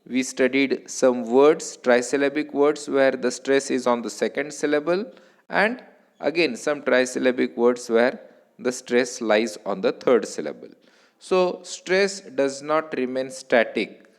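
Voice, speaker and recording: A man with an Indian English accent giving a recorded lecture, explaining slowly and deliberately and repeating key points. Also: medium pitch. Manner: slow, deliberate teaching with repetitions.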